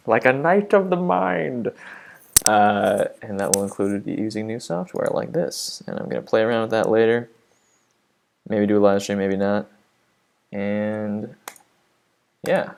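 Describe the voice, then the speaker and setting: A man's voice: fairly low pitch, gravelly. A man casually chatting and rambling as he hosts a livestream while mixing audio, mocking himself. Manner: relaxed, rambling, self-mocking.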